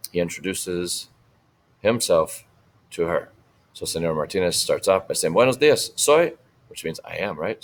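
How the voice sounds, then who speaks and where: A deep-voiced man teaches Spanish in a relaxed screen-share walkthrough. He explains each step plainly and keeps checking in with a quick "right?".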